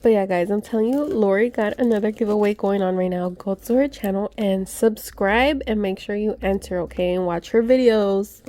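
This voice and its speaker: A woman chatting excitedly to her viewers as she unboxes gifts, gushing and talking to her audience. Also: mid-range voice, normal speed, few pauses, slight background noise. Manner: gushing, chatty, many gasps and asides to viewers. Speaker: vlogger.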